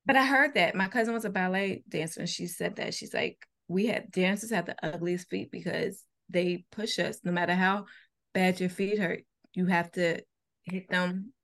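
Bright, gravelly-voiced woman, animated. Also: lowish voice, moderate pace. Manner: animated, laughing, playful teasing. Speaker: podcast co-host. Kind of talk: casual chat.

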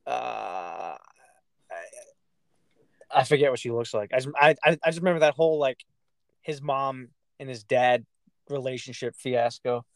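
A man co-hosting a sports podcast, ranting in an animated, profane way. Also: mid-range voice, moderate pace, gravelly, pauses often, no room sound, low-quality recording. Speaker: podcast co-host. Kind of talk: casual sports chat.

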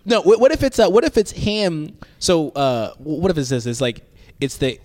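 A man brainstorming comedy ideas in casual chat, halting and restarting often as he acts out bits. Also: on the high side, very animated, a little mellow, dry recording. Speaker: comedy sketch writer.

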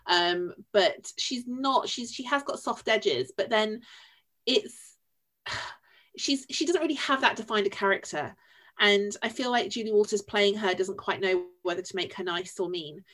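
Animated Yorkshire woman reviewing a film. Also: mid-range voice, measured pace. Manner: animated, expressive, wry asides. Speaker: podcast co-host. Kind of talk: casual film review chat.

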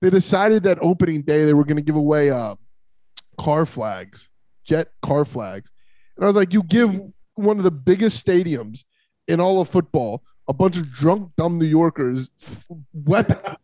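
A man co-hosting a casual sports talk show, telling loud, rambling, mocking stories. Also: on the high side, lively intonation, normal speed, no echo. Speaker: co-host.

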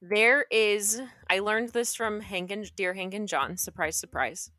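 Bright, giggly young woman podcaster. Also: mid-range voice, unhurried, no echo, studio quality. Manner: giggly, animated, rambling. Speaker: podcast co-host. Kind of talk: casual chat.

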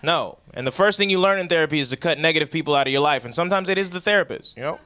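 High, bright-voiced male stand-up comic. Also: lively intonation, very fast, clean tone. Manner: profane, conversational, acts out quoted voices. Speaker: stand-up comedian. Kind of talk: stand-up comedy set.

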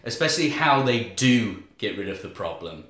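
A man in a casual film podcast making brief, measured comments. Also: fairly low pitch, very animated, a bit bright. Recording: echoey room.

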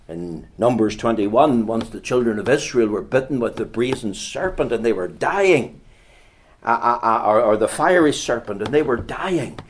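A man preaching a sermon, swinging between quiet, slow passages and loud, urgent bursts, often repeating words as he goes. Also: medium pitch.

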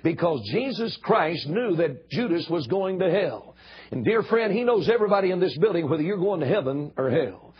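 A man's voice: high voice, very animated, moderate pace, husky. An older man preaching a sermon in a church, emphatic and pleading, repeating words for stress. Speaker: guest preacher. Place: church building. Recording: dull lo-fi sermon recording.

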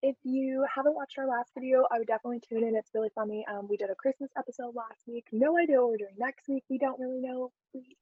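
A woman co-hosting a podcast, chatting casually and telling stories in an animated way, with lots of "like"s. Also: sits high, fast talker, hardly any pauses, breathy edge, dry recording, phone-quality sound. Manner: chatty, animated storyteller with many "like"s. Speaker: podcast co-host. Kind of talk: casual chat.

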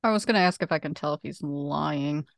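A woman's voice: sits low, brisk, vocal fry. A woman player speaking eagerly and casually at the game table. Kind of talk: casual chat.

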